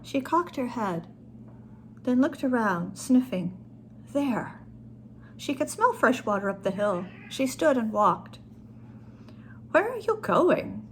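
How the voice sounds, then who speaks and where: A woman author reading her own short story aloud in a calm storytelling manner. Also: on the high side, takes it slowly, a little hiss or hum.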